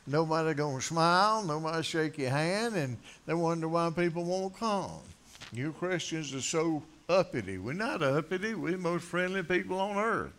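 A man's voice: fairly high pitch, animated, moderate pace, fairly bright tone. An older man preaching a folksy, rambling sermon, joking with his congregation between many fillers and restarts.

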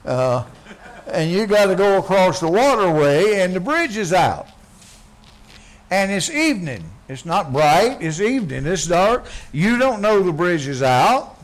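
Man preaching with a fairly high voice, blunt and folksy, loud bursts between low asides. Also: big pitch swings, unhurried. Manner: blunt, folksy, swings from quiet asides to yelling. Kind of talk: fiery sermon.

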